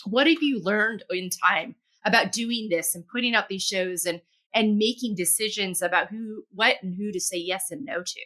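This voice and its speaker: A woman's voice: mid-range voice, normal speed, hardly any pauses. A middle-aged woman hosting a podcast interview, affirming her guest often and asking reflective questions. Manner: warmly affirming, frequent "yeah". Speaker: podcast host. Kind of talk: conversational interview.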